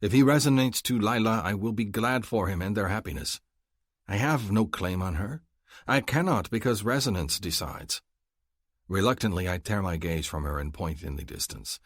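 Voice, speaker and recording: Low husky male audiobook narrator. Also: moderate pace, no echo, clean studio sound. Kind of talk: first-person audiobook narration.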